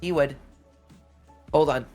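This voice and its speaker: A playful streamer with a stuffy nose, chatting with viewers deep into the night. The voice sits at a middling pitch, and the delivery is teasing and loose, with frequent laughs. Soft music plays faintly behind. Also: fairly even intonation, slow. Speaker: Twitch streamer. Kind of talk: casual live-stream chat with viewers.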